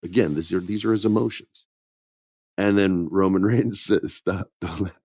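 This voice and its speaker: A man's voice: low voice, moderate pace, a little mellow, no echo. A man co-hosting a podcast, chatting casually through a wrestling recap and acting out the quotes in shifting voices. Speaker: podcast co-host.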